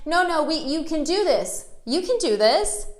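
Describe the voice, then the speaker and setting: A woman's voice: sits high, sing-song, a little slow, reverberant, pitched above the performer's own voice. A woman voicing an insistent male home-builder salesman who pressures a buyer and keeps repeating himself. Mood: pushy.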